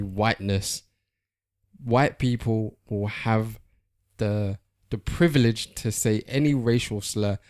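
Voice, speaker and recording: A man, a podcast co-host, speaking in a measured, deliberate way in casual discussion. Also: medium pitch, a little mellow.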